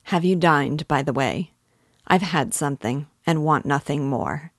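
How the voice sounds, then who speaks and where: A sly, suave middle-aged schemer, read by a woman from a storybook, teasing and unhurried in his talk. The voice sits low and close, with a dry, plain sound. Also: no echo.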